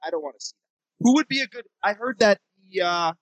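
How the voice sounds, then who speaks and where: A man's voice: high voice, expressive, fairly quick, a bit bright, no echo, poor audio. A man co-hosting a podcast in a temporary studio, chatting casually, joking, laughing often and swearing freely. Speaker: podcast co-host. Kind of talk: casual chat.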